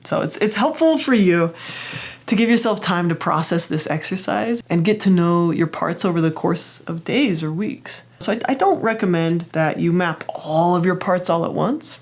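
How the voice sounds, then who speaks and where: A woman hosting a self-help lesson, telling a personal example in a gentle, encouraging way. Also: lowish voice, lively intonation, normal speed. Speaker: therapist host.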